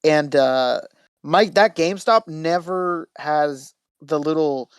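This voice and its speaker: A man's voice: on the high side, slow, smooth, no room sound. A man hosting a podcast, telling a story in casual chat, swearing freely and acting out quotes. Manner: profane, animated storytelling with acted quotes. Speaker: podcast host.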